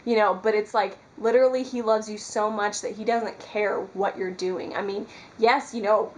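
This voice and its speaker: A woman's voice: mid-range voice, slight background noise, low-quality recording. Woman vlogger, earnest, rambling, casual devotional talk, camera mic. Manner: earnest, rambling, filler-heavy. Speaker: Christian vlogger.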